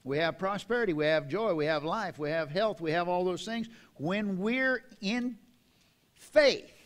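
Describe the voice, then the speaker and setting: An older man preaching a sermon in a church, reading scripture with slow, dramatic emphasis. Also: fairly high pitch. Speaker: pastor. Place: church sanctuary.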